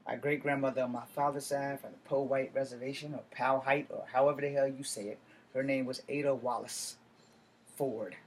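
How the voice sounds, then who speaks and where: A man's voice: mid-range voice, darkish tone, low-quality recording. A man giving an emotional, impassioned vlog rant, swearing and building to outbursts. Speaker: video blogger.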